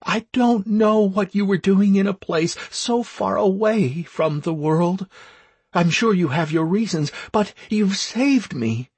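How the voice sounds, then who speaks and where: A man's voice: high voice, slow pace, darkish tone, slightly rough, no echo, voice pushed up, heavily acted. A man voicing an injured young woman in an audiobook, pleading in a raised, breathless voice. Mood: grateful. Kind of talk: audiobook narration.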